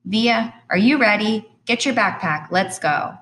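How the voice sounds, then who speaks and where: A woman's voice: medium pitch, lively intonation, a little slow, a bit bright, a little hiss or hum, voice pushed up. A woman voicing an impatient, firm middle-aged father who teases his wife, in an audiobook reading. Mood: exasperated. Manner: exasperated, firm.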